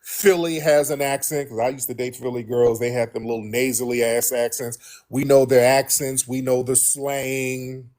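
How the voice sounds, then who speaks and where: A man hosting a show, talking straight to his listeners in a blunt, animated way and often repeating himself. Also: mid-range voice, moderate pace. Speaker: host. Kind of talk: casual monologue to listeners.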